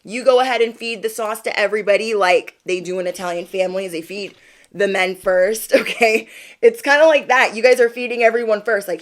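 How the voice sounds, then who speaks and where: A woman's voice: medium pitch, fairly quick. Chatty, encouraging woman tarot reader. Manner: chatty, playful, keeps asking "okay?"; encouraging, speaks straight to viewers. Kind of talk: livestream card reading.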